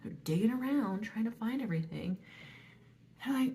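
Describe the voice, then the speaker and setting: A woman's voice: fairly high pitch, quick pace, a little mellow. A woman in her thirties telling a personal story in a casual vlog, chatty and full of fillers, often dropping to a whisper when quoting her own thoughts. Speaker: vlogger.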